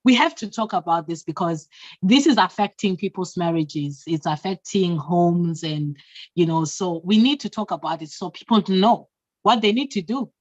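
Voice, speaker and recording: A woman's voice: fairly low pitch, moderate pace, dry recording, lo-fi sound. A woman hosting an interview, giggling often and murmuring agreement. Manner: giggly, with frequent affirming murmurs. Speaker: host. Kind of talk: interview chat.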